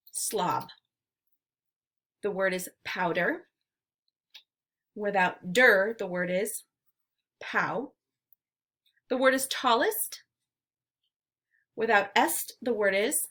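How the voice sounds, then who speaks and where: A woman teacher leading a phonemic awareness lesson, saying words slowly and clearly for children to repeat. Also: mid-range voice, fairly bright tone. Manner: slow, clearly enunciated word drills.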